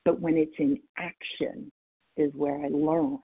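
A woman's voice: deep voice, big pitch swings, a little slow, vocal fry, husky. A woman from North Idaho sharing candidly in a recovery meeting over a call, laughing at herself and quoting others. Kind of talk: personal share in a recovery meeting. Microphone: video or phone call. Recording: phone-quality call audio.

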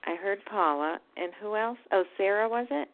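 A woman chairing a group meeting, briskly checking who wants to speak next. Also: medium pitch. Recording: phone-like line.

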